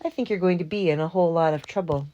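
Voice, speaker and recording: A woman voicing an easygoing male truck driver who breaks into high bursts of laughter. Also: quick pace, dark tone, muffled recording, close to an everyday voice. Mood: calm.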